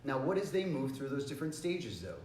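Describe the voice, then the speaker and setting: A man's voice: medium pitch, very animated, a little fast, darkish tone, slight background noise. A middle-aged man teaching a kids' martial arts class on handling bullies, asking the class questions and having them repeat phrases back. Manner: encouraging, rhetorical questions, leads call-and-response drills. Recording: echoey room, voice a bit far from the mic.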